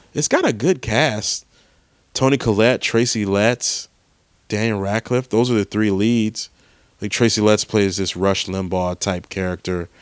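Dude with a lowish voice chatting about a movie, cusses a lot, trips over his words. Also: no echo. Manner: rambling, profane, restarts sentences often. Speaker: film reviewer. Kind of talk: casual movie review.

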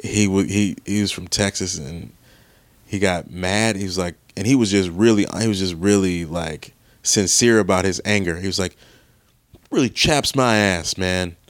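A man's voice: low voice, steady tone, normal speed, no room sound. A young man hosting a podcast, chatting casually and grumbling with exasperation as he thinks aloud and swears. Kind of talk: casual solo chat while browsing online.

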